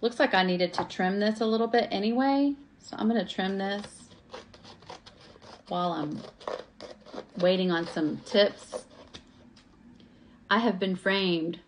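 A woman's voice: mid-range voice, unhurried, long pauses, a little hiss or hum. A woman, chatting to viewers while working on a craft project at her table at home. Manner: chatty, self-deprecating, talks to viewers as y'all. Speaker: craft vlogger. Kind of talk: live craft tutorial chat.

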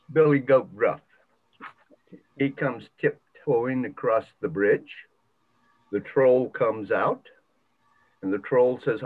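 An older man retelling a folk tale with a moral in a folksy, dramatic way, heard over a video call. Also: medium pitch. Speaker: church member telling a story. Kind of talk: storytelling with a moral. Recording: tinny video call audio.

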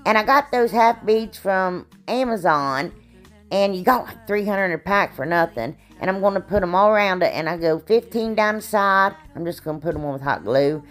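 A woman's voice: mid-range voice, animated, normal speed, faint music behind. A woman hosting a casual crafting tutorial, chatty and folksy, her voice a little froggy from allergies. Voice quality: chatty, folksy, many "anyway"s and "y'all"s. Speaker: craft channel host.

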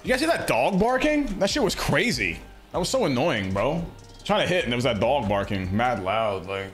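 A young man streaming a baseball video game, reacting in excitable, slangy commentary that swings between loud hype and low muttering. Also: normal speed, soft background music. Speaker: gaming streamer. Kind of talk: live gameplay commentary.

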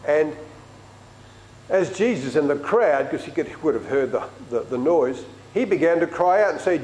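A man's voice: a little high, animated, normal speed, darkish tone, roomy sound, poor audio. A man preaching a sermon in a chatty, storytelling way in a church.

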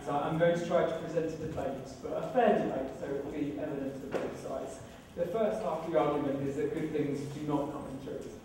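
A man's voice: a little high, steady tone, a little fast, hardly any pauses, background noise. A man in his thirties with a British accent, telling a comic personal story on stage to a live audience in a wry, self-deprecating way. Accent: British English. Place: event room with live audience. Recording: very echoey room, voice from far off.

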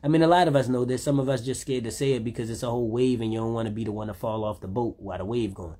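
A man in a loose, rambling monologue. He sounds laid-back and keeps circling back with "you know what I'm saying". His voice sits at an ordinary middle pitch. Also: racing, mellow. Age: 30s.

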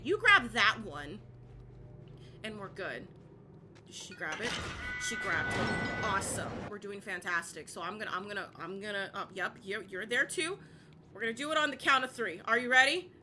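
A young woman playing a horror game and commentating, panicking, repeating herself and shouting at the game. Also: a little high. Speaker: gaming YouTuber.

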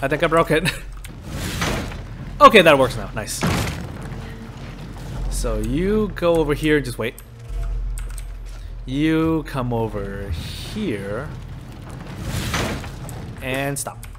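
Speaking very slowly and pausing often, a let's play commentator muses out loud, jokes and swears at the game he's playing. His mid-range voice has lively intonation, and game music sits under it.

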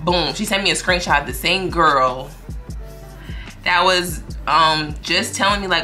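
A woman's voice: lowish voice, a little slow, sharp tone, soft background music. A young woman telling a story to her viewers in a casual, slangy, profane way, often quoting what other people said.

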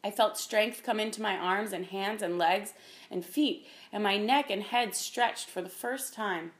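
A woman narrating a children's story in a calm, measured way. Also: medium pitch. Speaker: audiobook narrator.

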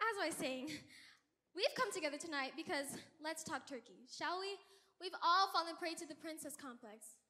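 A woman's voice: high-pitched, expressive, normal speed, bright, forceful tone. A woman playing a brassy, sarcastic princess who emcees the show, joking and talking straight to the audience on a live stage. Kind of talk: live stage musical performance. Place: school stage.

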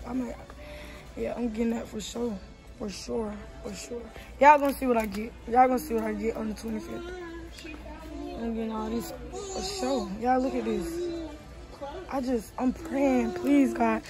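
A woman's voice: on the high side, rough recording. A young woman, a mother chatting to her viewers on a phone while shopping in a big store. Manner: chatty, addresses viewers as y'all. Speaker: vlogger, mother. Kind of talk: casual vlog while shopping. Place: large store indoors.

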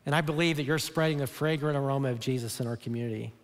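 A man's voice: medium pitch, very fast. Man, pastor, sermon, earnest, restarts often, emphatic peaks, big-room reverb. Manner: earnest, repeats words and restarts often, rises to emphatic bursts. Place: large church auditorium. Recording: long hall reverb.

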